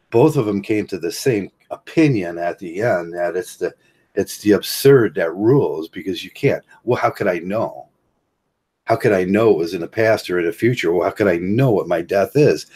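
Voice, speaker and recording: A man from Ohio talks in a loose, rambling livestream monologue, stopping and restarting his sentences. His voice sits very low and has a husky, slightly rough grain. A Midwestern American accent colors his speech. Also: darkish tone. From Ohio, USA. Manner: halting, many fillers and restarts, chuckles often. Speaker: livestream host.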